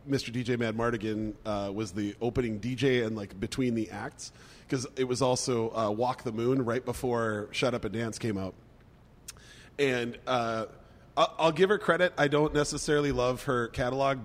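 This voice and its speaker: A man in casual chat with a middle-pitched voice, starting hesitantly with lots of fillers before rushing into his story. A long, hall-like reverb trails behind his words. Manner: hesitant, lots of uh and um, then speeds up.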